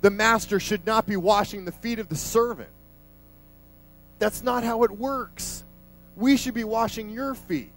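A man's voice: sits high, a little slow, a bit bright, soft background music, voice pushed up, low-quality recording. A man playing a stubborn male disciple who insists on the proper order of things in a raised, protesting tone. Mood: insistent.

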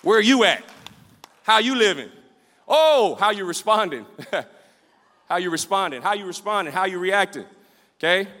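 A male pastor preaches with lively call-and-response, repeating his questions and acting out his stories. His voice is high and ringing bright, and it carries through a large church sanctuary with a long echo. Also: moderate pace, pauses often, some chatter behind. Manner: storytelling, acts out the scenes he describes. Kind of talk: sermon. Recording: echoey church hall.

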